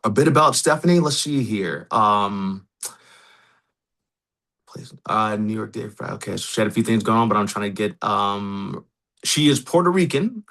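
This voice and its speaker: A man's voice: on the low side, lively intonation, moderate pace, creaky, fairly bright tone. A man hosting a podcast, talking loosely and chattily with many fillers. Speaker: podcast host. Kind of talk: casual interview.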